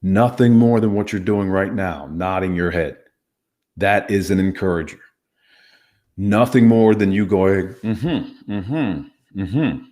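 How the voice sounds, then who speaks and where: His voice is deep and darkish, and his pace is measured. The former hostage negotiator walks an interviewer through communication skills, emphatic and instructive, demonstrating inflections as he goes.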